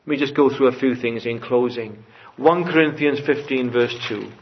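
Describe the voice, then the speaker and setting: A man's voice: mid-range voice, moderate pace. A man preaching a sermon in a church, earnest and building to fervent emphasis. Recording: dull lo-fi church recording.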